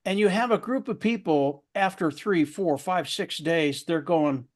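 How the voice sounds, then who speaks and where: A man's voice: fairly high pitch, measured pace, hardly any pauses. A man at a round table, telling a motivational story in an earnest way and repeating words for emphasis.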